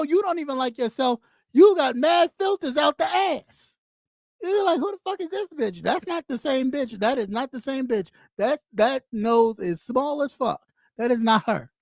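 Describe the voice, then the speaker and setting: High-voiced woman ranting with heavy swearing. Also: vocal fry, no echo, studio quality. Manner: blunt, mocking, heavy swearing. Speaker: YouTube streamer. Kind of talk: profane rant on camera.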